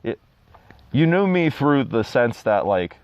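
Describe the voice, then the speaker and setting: A man in a casual joking interview, playful and staying in character as a wrestler, now and then bursting into high mock voices. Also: sing-song, slow, darkish tone, no echo, highs cut off.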